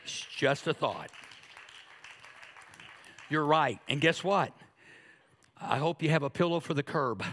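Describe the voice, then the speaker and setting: A man's voice: a little high, animated, slow, pauses often, a bit bright, some chatter behind. A man in his fifties preaching a sermon, joking and acting out little asides in a conversational way. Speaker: pastor.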